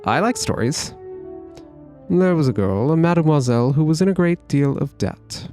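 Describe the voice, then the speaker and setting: A man's voice: fairly high pitch, animated, moderate pace, dark tone, faint music behind, lightly acted. A man reading as a theatrical bird con man. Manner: grand, flowery storytelling delivery.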